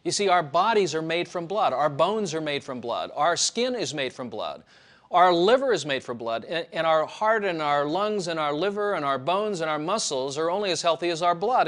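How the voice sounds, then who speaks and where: Guy with a slightly higher voice preaching away, hammers the same points over and over. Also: animated, fairly quick, a bit bright. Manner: emphatic, repetitive, preachy. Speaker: health author. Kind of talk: promotional monologue.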